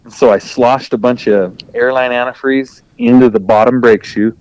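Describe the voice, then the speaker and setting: A man who drives trucks and hosts a podcast, telling a story in a casual, animated way and acting out his own quoted thoughts. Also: medium pitch, normal speed, vocal fry, dry recording, highs cut off.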